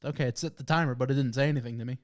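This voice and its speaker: A man's voice: mid-range voice, steady tone, rapid-fire. A young man co-hosting a podcast in casual chat, easygoing as he explains things plainly. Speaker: podcast co-host.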